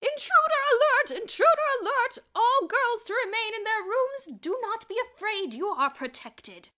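A woman voicing a shrill, melodramatic older headmistress in an audiobook. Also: very animated, moderate pace, sharp tone, exaggerated voice. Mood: hysterical. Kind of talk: audiobook character voice.

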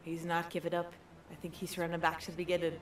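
A woman's voice: on the low side, monotone, fast. A woman hosting a game event over voice chat, giggling and cheering players on. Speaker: event host. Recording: roomy echo, distant from the mic, faint noise.

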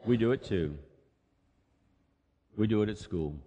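A male pastor with a fairly low voice delivers a sermon. He talks in a conversational way and poses rhetorical questions to the congregation. The sanctuary gives his voice a long reverb tail. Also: expressive, a little slow, warm tone, highs cut off, a little hiss or hum. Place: church sanctuary. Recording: long reverb of a church hall.

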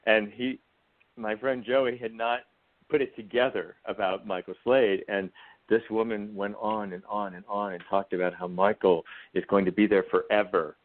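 A man with a lowish voice and little pitch movement comes through a thin, phone-like line whose audio is narrow and boxy. An actor and writer, he's a guest in a radio interview, reflective and heartfelt, pausing and restarting as he gathers his thoughts.

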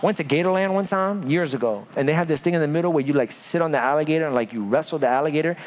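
A man preaching a sermon as pastor, telling stories with big swings from loud to hushed. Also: fairly high pitch, very fast, a little hiss or hum. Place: church.

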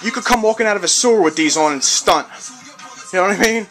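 Casual sneaker vlogger, male, hyped and slangy, fairly high voice, faint music under. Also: fast talker, a bit bright. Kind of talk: casual video review.

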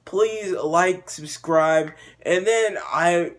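A man's voice: high-pitched, drawn-out words. A man making prank calls and chatting to his viewers in a slangy, laid-back drawl. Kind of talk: casual prank-call vlog.

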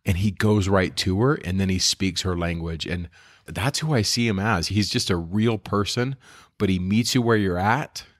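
Deep-voiced man, earnest storyteller. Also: normal speed, dry recording, clean studio sound. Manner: earnest, enthusiastic retelling with paraphrased dialogue. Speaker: podcast co-host. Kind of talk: casual scripture discussion.

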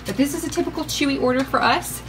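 A woman's voice: sits high, quick pace, reverberant. A woman, filming a casual home vlog and explaining her dog food storage to the camera in a chatty way. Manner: talks sweetly to her dogs, then explains to the camera. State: out of breath. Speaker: vlogger unboxing a pet supply order. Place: home with dogs. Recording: noisy home recording. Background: dogs and clicks.

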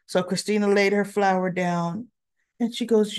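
A woman's voice: mid-range voice, steady tone, normal speed, clean tone. A woman recapping a daytime soap episode in a casual, chatty way, acting out bits of the dialogue as she retells the scenes. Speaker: soap opera reviewer.

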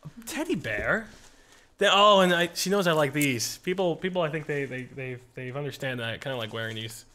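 Man, channel host, casual unboxing chat, excitable, rambling, jokey, slightly high voice. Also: a little fast.

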